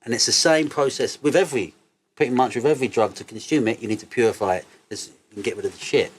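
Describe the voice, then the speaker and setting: A man, an interview guest telling stories in a loose, sweary, animated way and laughing as he goes. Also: medium pitch, fast, slightly rough. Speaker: interview guest, cannabis entrepreneur. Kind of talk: casual interview storytelling.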